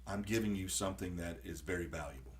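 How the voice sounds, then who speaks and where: A man hosting a podcast in casual conversation, who tells stories with lively acted-out quotes and frequent restarts. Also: low voice, quick pace. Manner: animated storyteller acting out quotes. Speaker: podcast host.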